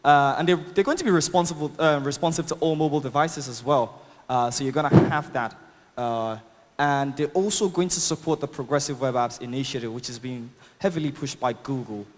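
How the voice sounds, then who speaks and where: A man's voice: mid-range voice, fairly quick. Man giving an upbeat talk in a hall. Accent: non-native English accent. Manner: upbeat, chatty, laughs at own jokes, many fillers. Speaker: conference speaker. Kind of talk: live tech talk with demo. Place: large conference hall. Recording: long reverb of a conference hall.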